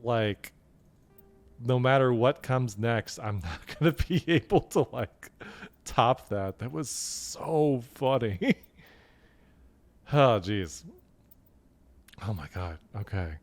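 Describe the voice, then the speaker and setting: A man streaming a video game live, laughing hard and reacting with excited, profane commentary. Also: mid-range voice, slow, long pauses.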